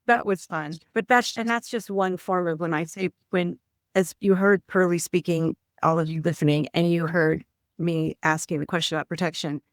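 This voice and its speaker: A woman's voice: lowish voice, fairly even intonation, normal speed, no echo, studio quality. A woman hosting a podcast interview, speaking earnestly and turning to address her listeners directly. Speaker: podcast host. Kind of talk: interview conversation.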